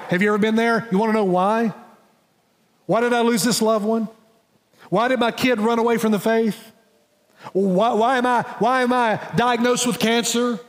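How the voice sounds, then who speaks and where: A man with a high voice preaches in a church, his words carried by a long hall reverb. He swings from hushed, low phrases to loud, emphatic questions. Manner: emphatic preacher, drops soft and rises loud. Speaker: pastor. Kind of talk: sermon. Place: church sanctuary.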